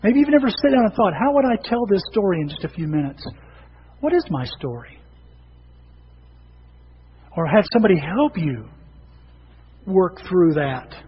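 Male pastor, middle-aged, high-pitched, conversational sermon, church hall reverb. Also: big pitch swings, moderate pace, pauses often, breathy edge. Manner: conversational storytelling, acting out quoted people. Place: church sanctuary. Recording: dull reverberant hall recording with faint noise.

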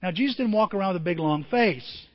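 A man pastor preaching a sermon with emotion, his voice moving from quiet and tender to loud and emphatic. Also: high voice, expressive, fast talker, in a large hall, dull audio. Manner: emotional, swings from soft to emphatic.

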